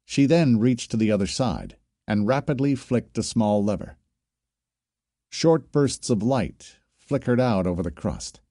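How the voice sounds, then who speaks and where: Male audiobook narrator, low, dark, lively intonation, dry close recording. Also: no room sound. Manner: steady storytelling with expressive shifts.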